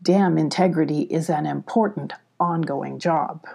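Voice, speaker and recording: An older woman reading a children's storybook aloud as a grandmotherly storyteller, gently. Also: deep voice, a little slow, gravelly. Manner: gentle, doing character voices.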